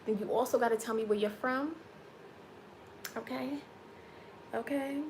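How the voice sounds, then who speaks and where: A woman's voice: a little high, steady tone, measured pace, darkish tone, a little hiss or hum. A woman hosting a casual livestream, chatting playfully with viewers and reading their comments aloud. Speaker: livestream host.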